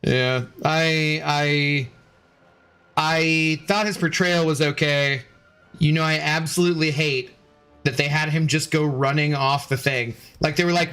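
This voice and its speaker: A man's voice: on the high side, fairly even intonation, measured pace, fairly bright tone, clear, resonant tone, faint music behind. A man streaming a video game in a casual, rambling way, greeting viewers and reading their chat aloud. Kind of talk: casual live-stream commentary.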